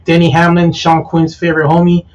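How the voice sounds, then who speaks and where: A man hosting a casual sports talk show, reading race results with halting fillers and teasing his co-host. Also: on the high side, monotone, a little mellow, distant mic, highs cut off, slight background noise. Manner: teasing, reads lists with hesitant fillers.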